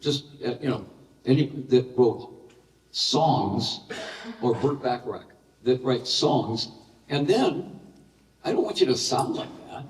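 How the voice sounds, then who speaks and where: Older male guest, lively anecdotal storyteller, distant mic in a big reverberant hall. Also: medium pitch, slow pace, long pauses. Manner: animated anecdotes with laughter. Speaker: interview guest. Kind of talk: storytelling in a live Q&A. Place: large hall with live audience. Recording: roomy echoey hall, heard from a distance.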